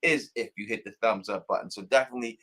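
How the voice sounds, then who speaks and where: A man's voice: on the low side, fast. A man hosting a live call-in stream, chatting casually and animatedly. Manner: animated, laughing, acts out characters. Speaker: show host.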